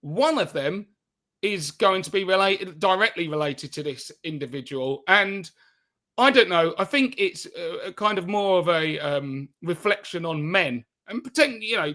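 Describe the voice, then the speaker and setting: A male comedian co-hosting a podcast in loose, jokey chat. His voice sits high for a man and rings bright and forward. He swears freely and trips over his words as he riffs. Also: lively intonation, moderate pace. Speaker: podcast co-host.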